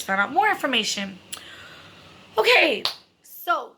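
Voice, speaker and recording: A woman's voice: mid-range voice, moderate pace, noisy background. A young adult woman telling a personal story in a casual, emotional way, swearing freely and filling her talk with "like" and "you know". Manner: emotional, candid, swears freely, heavy fillers.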